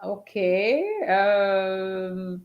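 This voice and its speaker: A woman teaching a live online French writing lesson, slowly reading out students' answers and encouraging them. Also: mid-range voice, expressive, highs cut off.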